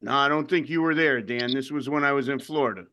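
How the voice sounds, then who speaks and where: A man's voice: mid-range voice, fast, sharp tone. A man hosting an interview show, talking in a laid-back, easygoing way. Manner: laid-back, laughs easily. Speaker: host. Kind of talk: casual interview chat.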